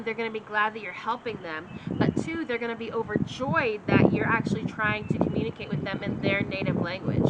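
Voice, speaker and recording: A woman teaching Spanish in a casual, energetic monologue, often checking in with "okay?". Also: medium pitch, heavy background noise.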